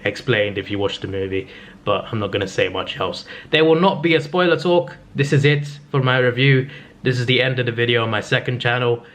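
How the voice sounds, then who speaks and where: A man's voice: medium pitch, a bit bright. A man in his twenties chatting casually in a vlog, rambling and hesitant with frequent restarts. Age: 20s. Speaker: vlogger. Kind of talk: casual vlog talk and review.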